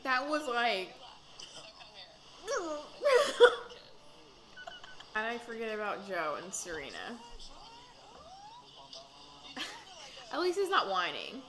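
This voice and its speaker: A woman hosting a casual reaction recap of a reality dating show, chatting in a gossipy way with quick asides and bursts of laughter. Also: medium pitch, sing-song, pushed and bright, rough recording.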